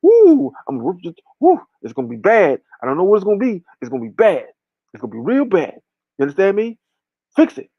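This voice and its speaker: A man's voice: high-pitched, wildly swooping pitch, fast talker, gravelly, slightly rough, dry recording, muffled recording, voice pushed up, exaggerated voice. A man voicing a furious male meat-industry boss who sputters threats and curses. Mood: threatening. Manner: yelling threats, sputtering and cursing.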